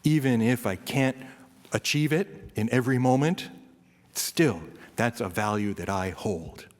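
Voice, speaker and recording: A man's voice: medium pitch, lively intonation, a little slow. Guy giving a chatty sermon, says "right?" a lot, gets worked up sometimes, long hall echo. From US East Coast. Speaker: minister giving a Dharma talk. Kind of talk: informal sermon. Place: temple hall. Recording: reverberant hall.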